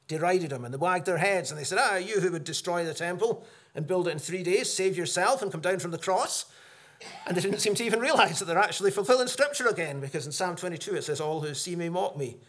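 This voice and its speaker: Man, middle-aged, preacher, sermon, earnest, fairly high voice. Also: animated, fairly quick, a bit bright. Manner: earnest, rises for emphasis and drops low for solemn points.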